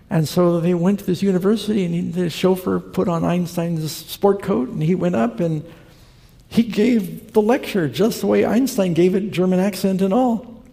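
Gravelly preacher man in a big hall. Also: high-pitched, normal speed, warm tone. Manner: folksy storyteller, acts out quoted characters. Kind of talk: sermon with storytelling. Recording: long reverb of a large hall.

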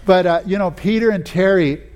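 A man preaching a sermon recounts personal stories folksily, restarting often and repeating "you know." His voice sits high and is clear, resonant and a little mellow, with a slightly fast pace.

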